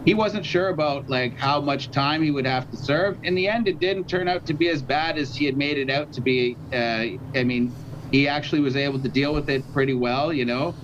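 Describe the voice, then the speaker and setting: Man, rapper guest, rambling casual talk, dull lo-fi video call audio, mid pitch. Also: fairly quick, background noise. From Canada. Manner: rambling storyteller, many fillers.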